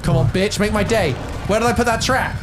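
A man in casual, excited gaming banter, swearing freely and shouting as he plays. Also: high-pitched, fairly quick, over loud music. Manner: swears freely, shouts and laughs while playing. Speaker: gaming group member.

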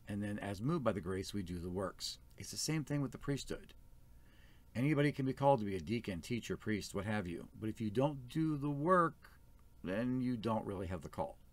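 A man speaking as first elder of a small church, giving an earnest, plain-spoken sermon. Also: fairly low pitch.

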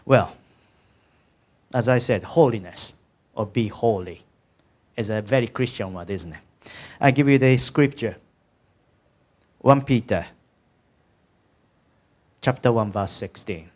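Slow, low-voiced man preaching. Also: darkish tone. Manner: conversational, asks the congregation "isn't it?" and "yeah?"; second-language English with small grammar slips. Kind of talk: sermon.

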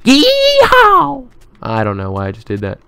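A man's voice: fairly low pitch, monotone, fast talker, clear, resonant tone, dry recording, studio quality. A man giving rambling let's play commentary, muttering to himself as he plays. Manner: chatty, rambling running commentary; muttering to himself while building. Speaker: gaming YouTuber.

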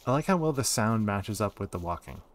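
A man's voice: lowish voice, animated, fairly quick, a little hiss or hum. A man in his forties giving casual, rambling commentary while streaming a game. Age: 40s. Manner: rambling, digressive.

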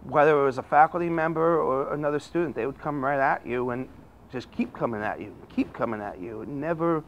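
A man's voice: medium pitch, a little fast, dull audio, slight background noise. A man, a former student, speaking in a documentary interview and repeating phrases to stress his point.

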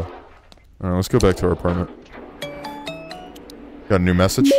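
A man's voice: deep voice, brisk, pauses often, a little mellow, soft background music. A man commentating a horror game he is playing, cursing often, joking and easily startled. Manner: profane, jumpy and joking. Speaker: gaming YouTuber.

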